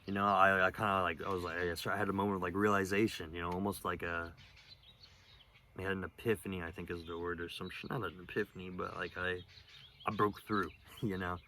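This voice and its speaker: A young man telling a personal story in a rambling, profane, halting way, with lots of fillers, outdoors. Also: low voice, little pitch movement, bright, forceful tone, a little hiss or hum. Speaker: vlogger. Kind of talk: casual storytelling monologue.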